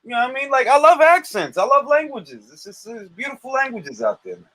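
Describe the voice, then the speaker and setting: Man, boxing stream host, lively pitch swings, bright forceful voice, dry sound. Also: brisk, no room sound. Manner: animated, joking, blunt. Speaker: livestream host. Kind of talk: casual boxing chat.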